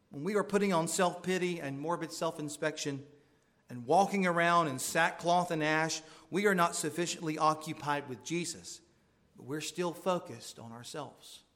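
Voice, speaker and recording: Male pastor, sermon, earnest and emphatic, rising questions, slightly high voice. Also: fairly bright tone.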